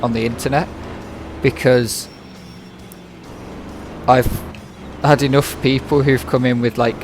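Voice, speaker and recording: A man's voice: mid-range voice, little pitch movement, takes it slowly. A young English man streaming a game, chatting in a rambling way and pronouncing his words carefully, on a headset mic. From England. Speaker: gaming streamer. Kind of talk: casual chat while playing a game. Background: game music.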